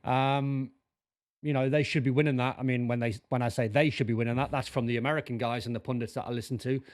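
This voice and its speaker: A man's voice: medium pitch, fairly even intonation, fast. Male sports pundit, middle register; casual, outspoken panel chat. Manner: chatty, blunt opinions with restarts. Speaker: football pundit.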